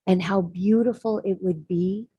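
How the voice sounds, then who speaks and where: A woman's voice: medium pitch, fairly even intonation, measured pace, warm tone, breathy edge, no echo, dull audio. A woman telling a parable in a sermon, speaking earnestly and reflectively. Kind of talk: sermon storytelling.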